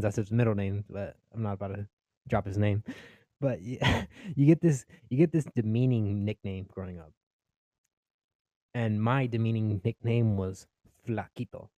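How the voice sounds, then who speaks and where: A man's voice: on the low side, mellow, no room sound. A young Mexican-American man doing stand-up comedy, swearing freely, laughing at his own jokes and acting out his family.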